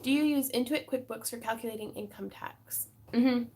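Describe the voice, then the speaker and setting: Excitable woman chatting on a craft livestream. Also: fairly high pitch, moderate pace, background noise. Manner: excitable, gasping and laughing over gifts. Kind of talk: casual live stream chat. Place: home craft room. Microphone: phone.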